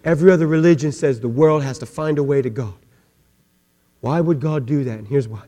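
A man preaching a sermon, swinging between impassioned shouting and hushed intensity. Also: medium pitch, brisk. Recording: long reverb of a large hall.

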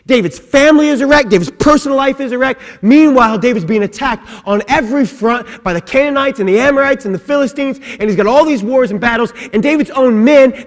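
A man with a very high voice preaches with fervor, drawing his listeners in quietly before rising to full-throated shouts. His words ring out with a long echo through a large hall. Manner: impassioned preaching, swings from hushed to shouting. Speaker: pastor. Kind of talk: sermon.

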